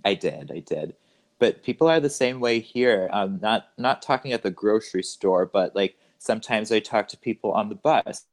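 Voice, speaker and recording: A man's voice: on the low side, lively intonation, moderate pace. A man from California chatting casually as a podcast co-host, telling stories. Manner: storytelling, plays at accents. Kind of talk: casual chat.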